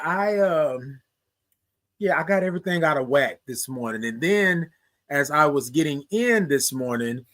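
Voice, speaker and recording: A man's voice: mid-range voice, fairly bright tone. A middle-aged man, hosting a morning livestream in a chatty, repetitive way and singing his greetings. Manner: chatty, repeats phrases, sings his greetings. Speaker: livestream show host. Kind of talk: casual livestream talk.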